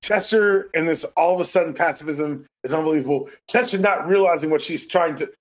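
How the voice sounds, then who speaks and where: A man's voice: on the high side, fairly quick, low-quality recording. A man co-hosting a casual podcast review of a TV episode, emphatic and profane, riffing on the characters with mock dialogue. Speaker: podcast co-host.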